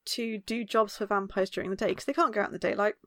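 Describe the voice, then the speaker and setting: A woman talks casually as a podcast co-host. She is chatty and laughs often, and she tells stories with animated energy. Her voice sits at a middle pitch, and the recording is dry and close. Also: fast, dry recording. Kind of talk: casual chat.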